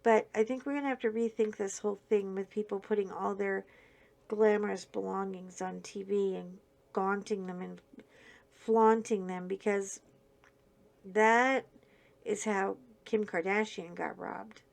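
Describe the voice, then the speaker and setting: A middle-aged woman hosting a casual chat while coloring, telling stories in a chatty, animated way with emphatic outbursts. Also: mid-range voice, a little slow, gravelly. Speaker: host.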